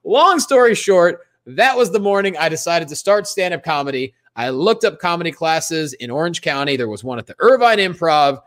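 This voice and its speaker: A man's voice: a little high, expressive, normal speed, few pauses, a bit bright. A young man from Pennsylvania, a comedian telling a self-mocking story in a casual podcast chat.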